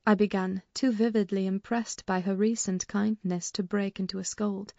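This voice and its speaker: A woman narrates a classic novel in the first person with a mellow, warm tone and measured, expressive delivery. She leans into the dialogue when characters speak. The sound is dry and a bit dull, a lo-fi close studio read. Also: mid-range voice, vocal fry, no room sound. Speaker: audiobook narrator.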